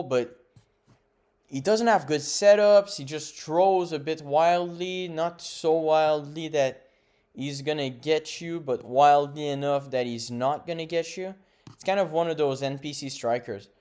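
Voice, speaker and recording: Young male host, clear smooth voice, rambling casual recap with blunt takes. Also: on the high side, measured pace, darkish tone. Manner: rambling, self-correcting, blunt opinions. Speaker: MMA podcast host. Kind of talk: casual fight recap monologue.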